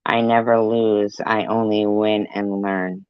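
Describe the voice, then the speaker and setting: Man, angry rant to camera, slow dragging delivery, low voice, dull dry lo-fi sound. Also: flat delivery, clean tone, no room sound. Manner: profane, taunting, slow and deliberate.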